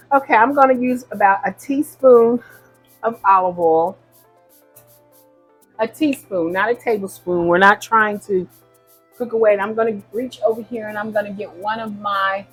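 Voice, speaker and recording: A woman's voice: medium pitch, husky, rough recording. A woman hosting a casual home cooking demonstration in her kitchen, chatty and rambling, often correcting herself mid-sentence. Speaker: home cooking video host.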